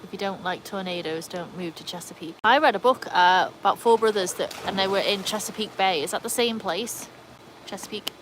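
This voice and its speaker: A woman with an English accent shaded by Welsh talks casually to her livestream viewers, answering their comments as she goes. She speaks at a middling pitch from an outdoor backyard. Faint traffic noise hums in the background. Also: brisk, a bit bright, poor audio. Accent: English with a Welsh tinge. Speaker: livestream host.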